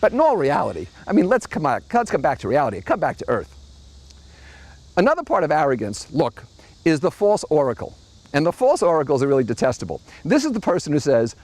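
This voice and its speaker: A man's voice: fairly high pitch, huge pitch swings, quick pace, darkish tone, no room sound. A middle-aged man hosting a monthly opinion commentary, delivering a sardonic, mocking monologue. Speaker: host.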